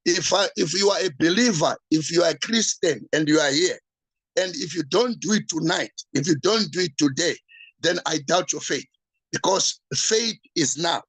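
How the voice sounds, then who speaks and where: A man, a pastor, giving an urgent, repetitive sales pitch at an evening meeting. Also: moderate pace, a bit bright, slightly rough, no echo, low-quality recording. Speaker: pastor promoting a business.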